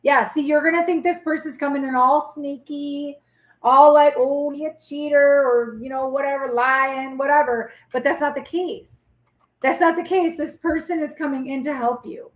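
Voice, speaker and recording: A woman's voice: high-pitched, steady tone, moderate pace, reverberant. A woman in her forties hosting a casual live tarot reading, chatty, blunt and reassuring as she talks straight to viewers.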